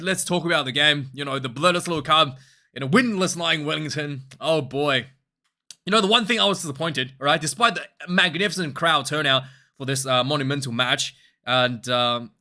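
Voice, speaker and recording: Bright-voiced man rambling about rugby. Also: medium pitch. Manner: rambling and animated, with frequent laughs. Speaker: rugby reviewer. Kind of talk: casual match review vlog.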